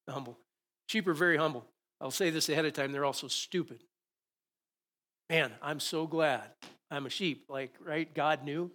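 A man preaching a sermon into a microphone as the pastor, in a conversational, joking way that swings between loud emphasis and quiet asides. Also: on the high side.

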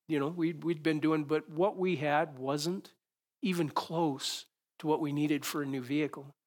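Animated middle-aged preacher man. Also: fairly high pitch. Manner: storytelling, animated with sudden loud peaks. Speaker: pastor. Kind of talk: sermon.

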